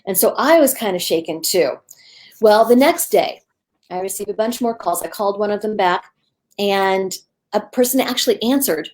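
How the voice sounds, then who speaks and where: Woman guest medium telling a story, casual and rambly, lots of um and like, mid pitch. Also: moderate pace. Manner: rambling, animated retelling with fillers.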